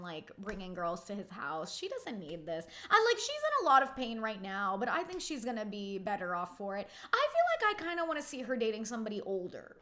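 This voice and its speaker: A young woman with a mid-range, sharp-toned voice gives a casual, opinionated recap of a reality TV show. She's chatty and gossipy, leaning heavily on the word "like."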